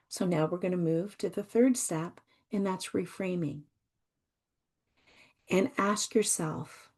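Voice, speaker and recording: A woman hosting a self-help podcast, talking gently and reassuringly and repeating her phrases. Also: on the low side, a little slow. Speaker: podcast host.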